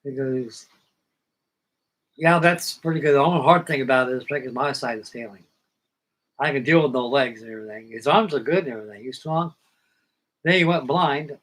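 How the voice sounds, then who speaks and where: A man's voice: medium pitch, moderate pace, long pauses, fairly bright tone, rough recording. An older man with a middling voice telling a rambling personal story. He speaks in a plain, folksy way and acts out the old conversations as he goes. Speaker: hobby model-building livestream host.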